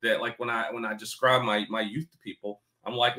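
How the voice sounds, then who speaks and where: Candid man with a bright edge. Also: mid-range voice, level tone, brisk, echoey room. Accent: mostly neutral American, faint Black New York. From New York. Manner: candid, profane, laughs easily, many fillers. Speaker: interview guest. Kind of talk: casual interview conversation.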